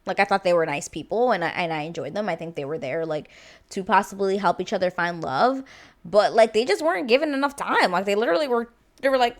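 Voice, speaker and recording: Animated chatty woman reviewing reality TV. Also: on the low side, moderate pace. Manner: animated, chatty, lots of fillers. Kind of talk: casual vlog review.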